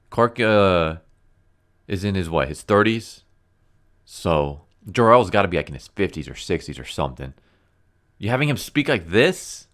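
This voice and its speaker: A man with a very low voice delivers a casual comic book review as a rant. He sounds blunt and exasperated and keeps leaning on fillers like "like" and "you know.". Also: fairly bright tone.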